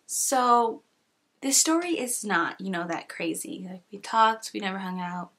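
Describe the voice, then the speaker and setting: A young woman from California tells a casual storytime in a mid-pitched voice. She talks in a chatty, sassy way, leaning on "like" and slipping into soft whispered asides. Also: expressive, measured pace. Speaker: YouTuber.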